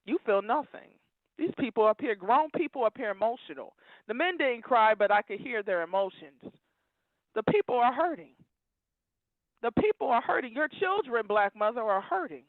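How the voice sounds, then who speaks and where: A woman's voice: fairly high pitch, expressive, moderate pace, no echo. A woman calling in to a talk show, emotional and preaching fiercely, repeating phrases for emphasis. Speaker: caller. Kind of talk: impassioned call-in rant. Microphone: phone. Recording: tinny dry phone line.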